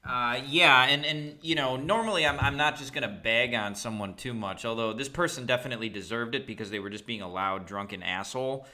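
A young man co-hosting a podcast who tells a story in a measured, step-by-step way. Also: mid-range voice, pushed and bright. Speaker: podcast co-host. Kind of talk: casual storytelling.

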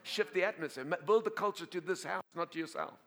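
A man preaching to his congregation in a bright, slightly high voice. He tells his story in an animated way, with frequent laughter and words he repeats and restarts as he builds to excited peaks. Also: quick pace. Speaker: pastor. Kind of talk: sermon with storytelling.

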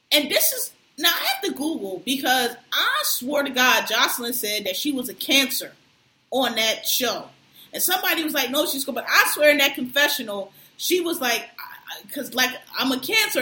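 Woman co-host, high bright voice, animated storyteller, echoey room. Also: moderate pace. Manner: animated storyteller, acts out quotes, laughs often. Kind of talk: casual chat. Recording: roomy echo.

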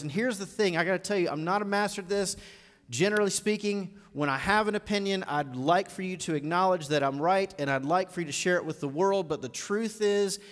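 A man preaching a live sermon in a church auditorium, with a high-pitched voice. He shifts between quiet, measured teaching and loud, climbing exhortation. His words carry a long reverb from the large hall. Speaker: pastor.

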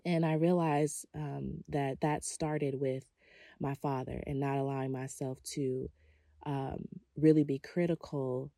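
A woman's voice: rumbling low, flat delivery, unhurried, creaky, dark tone, dry recording, clean studio sound. A woman leading a guided breathing session, sharing personal stories in an earnest, conversational way with a spiritual coaching tone.

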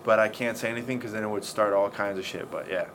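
Lower voiced guy telling a wild story, lots of cursing, faint noise behind. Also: quick pace. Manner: swearing often, animated storytelling. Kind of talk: casual chat.

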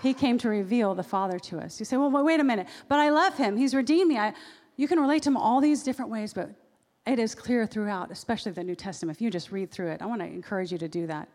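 A woman pastor giving a sermon in a church, lively and acting out the voices she quotes. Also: medium pitch, quick pace. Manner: animated, acts out quoted voices. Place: church sanctuary. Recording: long reverb of a large hall.

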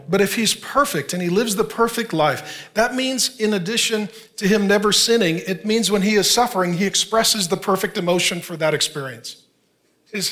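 A man's voice: sits high, fairly bright tone. A man preaching a sermon in an earnest, conversational way, often putting direct questions to the congregation. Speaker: pastor.

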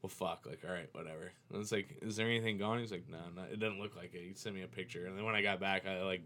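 A man's voice: deep voice, steady tone, fast talker, sharp tone. A man from Florida, a professional kiteboarder, telling a story in a loose, profane, casual way and chuckling as he goes. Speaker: professional kiteboarder, podcast guest.

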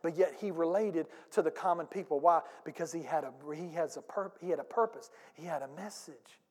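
High-voiced man preaching in a reverberant church. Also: fairly quick. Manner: emphatic preaching with audience call-and-response and acted-out anecdotes. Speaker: pastor. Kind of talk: sermon. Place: church sanctuary.

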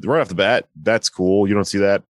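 A man's voice: fairly low pitch, a little fast, no room sound, studio quality. A man casually retelling a movie plot to a friend, rambling with lots of fillers. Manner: rambling, filler-heavy retelling with acted-out quotes. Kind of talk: casual chat.

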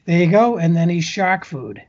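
A man co-hosting a casual podcast chat, tossing out quick jokey quips. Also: high voice, animated, darkish tone, lo-fi sound. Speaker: podcast co-host.

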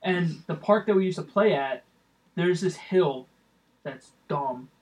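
A man's voice: fairly high pitch, slow pace, far from the mic, poor audio. A young man co-hosting a casual chat, telling a profane story and acting out the quotes. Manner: profane, animated storyteller who acts out quotes.

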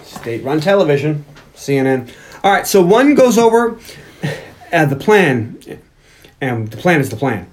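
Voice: mid-range voice, sing-song, normal speed, long pauses. A podcast host recapping a movie in casual chat, joking while reading from their own notes. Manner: jokey, reads own notes aloud.

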